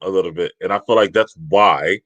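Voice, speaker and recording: Deep man, dry sound, relaxed agreeable chat. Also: fairly quick, no echo. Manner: laid-back, agreeable, laughs often. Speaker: podcast co-host. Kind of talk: casual chat.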